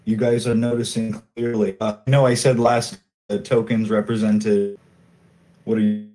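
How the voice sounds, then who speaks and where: A man narrating as game master, in a loose, halting way with many fillers. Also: on the low side, flat delivery, dark tone, low-quality recording.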